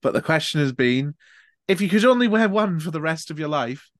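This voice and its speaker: A man's voice: fairly high pitch, lively intonation, brisk, no room sound, studio quality. A man hosting a podcast, chatting casually and swearing freely. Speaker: podcast host. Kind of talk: casual chat.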